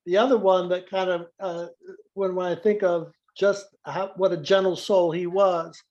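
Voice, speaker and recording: Man telling warm anecdotes with laughter. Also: sits high, highs cut off. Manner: laughs through anecdotes, acts out quotes. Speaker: guest speaker. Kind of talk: storytelling in a group video session.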